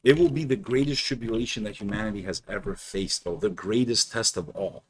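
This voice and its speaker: A man's voice: lowish voice, fairly quick. A man co-hosting a casual stream chat, earnest and preachy, giving solemn warnings. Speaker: podcast co-host.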